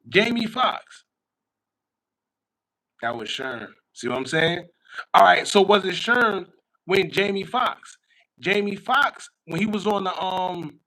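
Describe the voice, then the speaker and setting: A man's voice: high voice, bright, forceful tone, poor audio. A man hosting a casual commentary show, talking in a wry, conspiratorial way and tossing out rhetorical questions. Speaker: podcast host.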